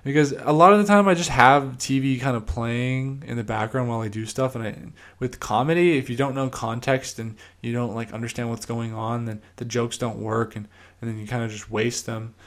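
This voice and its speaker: A man's voice: medium pitch, steady tone, a little fast. Young male podcast host, easygoing solo monologue, rambling with filler words.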